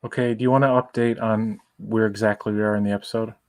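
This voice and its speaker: A man co-hosting a casual fan commentary, relaxed, sometimes quoting lines from the show. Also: on the low side, fast, dry recording. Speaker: podcast co-host.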